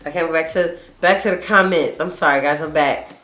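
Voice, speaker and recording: Woman host, low-pitched, blunt and profane, casual chat, echoey room. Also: a little fast, fairly bright tone, slight background noise. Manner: blunt, profane, laughing often. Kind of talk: casual chat reading live comments.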